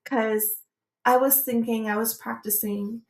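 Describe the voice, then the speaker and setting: A woman's voice: a little high, fairly even intonation, a little slow, a little mellow, echoey room. A woman vlogger telling a personal story in a casual, meandering way, hesitating and restarting often.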